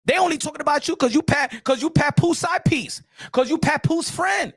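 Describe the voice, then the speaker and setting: A man hosting a boxing commentary channel, preaching loudly and repeating his points straight at the person he is talking about. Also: very high-pitched, moderate pace, dry recording, clean studio sound. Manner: loud, preachy, repeats himself, addresses the subject directly. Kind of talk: emphatic boxing commentary vlog.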